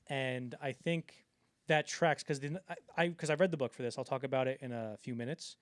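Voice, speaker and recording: A man's voice: mid-range voice, fairly quick, no room sound, studio quality. A man co-hosting a film podcast in casual chat, rambling with lots of fillers and acting out the quotes he retells. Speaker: podcast co-host.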